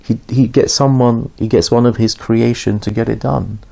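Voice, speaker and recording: At a normal speed and in a steady tone, an Islamic teacher with a medium-pitched, dark voice marked by vocal fry gives an informal lesson. He narrates stories conversationally, raising his voice to act out what characters say.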